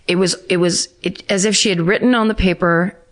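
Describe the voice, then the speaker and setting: A woman's voice: fairly low pitch, fairly even intonation. A middle-aged woman co-hosting a podcast, chatting loosely, laughing easily and reading listener letters aloud. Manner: chatty, rambling, quick to laugh. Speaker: podcast co-host.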